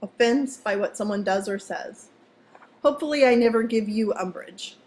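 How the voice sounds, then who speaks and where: A woman's voice: mid-range voice, normal speed, darkish tone, a little hiss or hum. A woman teaching a vocabulary lesson to students in a playful, chatty way, joking as she goes. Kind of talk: casual classroom vocabulary lesson.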